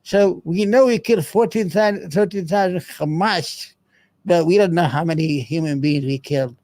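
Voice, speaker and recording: A man talks over clips as the host of a commentary show. His voice sits fairly high but sounds dark, and his talk is blunt, profane and rambling, with many restarts. The recording is dry. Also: normal speed, dry recording. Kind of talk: casual commentary.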